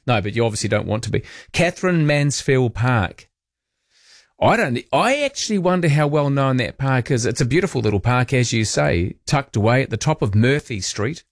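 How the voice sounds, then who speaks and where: A man's voice: mid-range voice, lively intonation, normal speed, no room sound. Nz talkback guy, chatty and teasy, mid voice, dead dry studio sound. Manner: chatty, teasing, self-mocking. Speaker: radio talkback host. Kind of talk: casual talkback chat.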